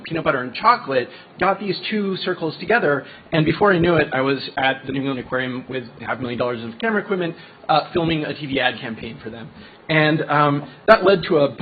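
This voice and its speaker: A middle-aged man from Colombia tells the panel his own story, chatty and self-deprecating, in a fairly high voice. The sound is thin and phone-like. A faint noise runs under him. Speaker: physicist turned ocean founder, panelist. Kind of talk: personal talk at a panel.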